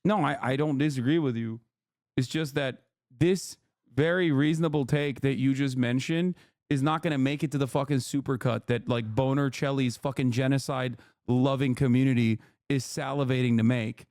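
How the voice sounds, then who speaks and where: A man's voice: mid-range voice, steady tone, moderate pace, a little mellow, no echo, clean studio sound. A man hosting a livestream, lecturing his chat in an exasperated, profane rant. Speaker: livestream host.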